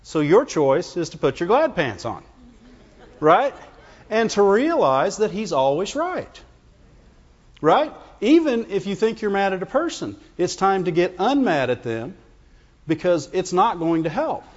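Here a pastor speaks in a high-pitched voice with big pitch swings, taking his time. His sermon is conversational, punctuated by "Amen?" and "Right?" aimed at the congregation. It's recorded in a church sanctuary with dull reverb.

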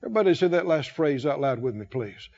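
A man's voice: on the high side, expressive, fast talker, darkish tone, dull audio. A man preaching a sermon in church, quoting scripture and calling on the congregation to answer him. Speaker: pastor.

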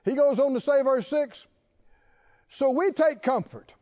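A man preaching a sermon with impassioned, emphatic delivery that climbs to forceful peaks. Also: very high-pitched, a little slow. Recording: dull lo-fi sound with long reverb.

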